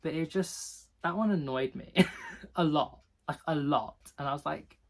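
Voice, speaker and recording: A man's voice: fairly high pitch, measured pace. A man chatting casually through book reviews, rambling and filling his talk with "like". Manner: rambling, peppered with "like"; chatty and giggly. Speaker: book vlogger.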